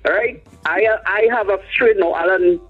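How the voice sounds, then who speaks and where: A man with a high, husky voice spins bawdy stories on air, acting out his callers as he goes. The sound is narrow and phone-like, with faint music underneath. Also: moderate pace. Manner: animated storyteller acting out callers. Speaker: radio co-host. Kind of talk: bawdy comedic radio chat.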